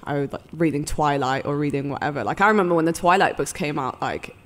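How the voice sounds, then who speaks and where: A woman's voice: sits low, fast talker, big-room sound. A young woman with a London accent, a guest on a live podcast, chatty and giggly, full of fillers. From England.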